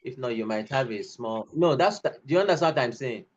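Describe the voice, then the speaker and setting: Male tutor, patient, step-by-step directions, mid-pitched voice, dull muffled audio. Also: lively intonation, a little fast. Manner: patient step-by-step instructions, repeating himself. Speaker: coding tutor. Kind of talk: one-on-one online coding lesson.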